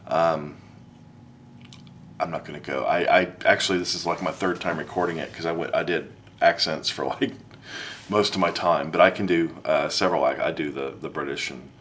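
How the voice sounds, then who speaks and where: A man's voice: rumbling low, steady tone, normal speed, fairly bright tone, a little hiss or hum. A man talking casually to camera in a video blog, rambling with many fillers and self-deprecating asides. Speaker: vlogger.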